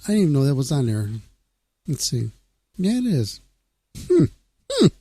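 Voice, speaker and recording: A man's voice: mid-range voice, sing-song, fairly quick, mellow, dry recording. A man hosting a casual radio show, rambling and laid-back, reading out press notes and chatting with a caller.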